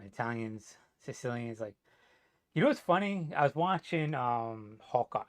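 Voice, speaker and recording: A man's voice: mid-range voice, no echo. A man from New Jersey telling a rambling, profane story in a casual monologue, full of "you know" fillers. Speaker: vlogger.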